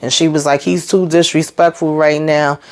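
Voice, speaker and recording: A woman's voice: low-pitched, steady tone, moderate pace. A woman hosting a casual TV recap, chatty and sassy, retelling scenes through quoted dialogue. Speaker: reality TV recap host.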